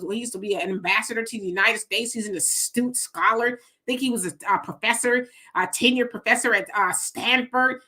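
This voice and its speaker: A woman's voice: on the high side, pushed and bright. A woman hosting a live-stream political commentary, talking emphatically and mockingly, firing off rhetorical questions. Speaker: host.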